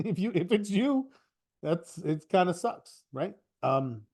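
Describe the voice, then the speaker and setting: A man with a husky voice, slightly high for a man, teaches options trading in a relaxed live online class. He's unhurried, chatty and good-humored, joking around and drifting into rambling asides.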